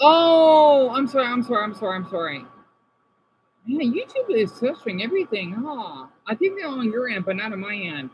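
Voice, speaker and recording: A man's voice: extremely high pitch, very animated, normal speed, slight background noise, rough recording. An American man hosting a casual livestream, talking to viewers by name, with frequent apologetic asides. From United States. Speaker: livestream host reading chat.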